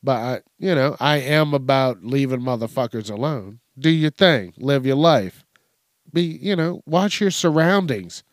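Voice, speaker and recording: A man's voice: medium pitch, animated, measured pace, no echo, clean studio sound. A man hosting a podcast, ranting crudely and swearing constantly, laughing at his own jokes. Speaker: podcast host. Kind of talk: profane comedic rant.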